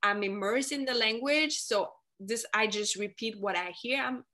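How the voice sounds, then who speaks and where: A woman from France with a slight French accent, a guest chatting casually and telling stories in a lively way. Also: fairly high pitch, moderate pace. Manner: lively, animated storyteller, many fillers. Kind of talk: casual chat.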